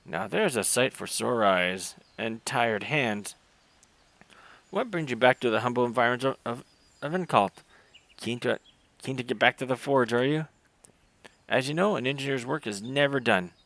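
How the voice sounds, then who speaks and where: A man voicing a confident, wordy male engineer who talks briskly. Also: medium pitch, vocal fry, a bit bright. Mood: welcoming.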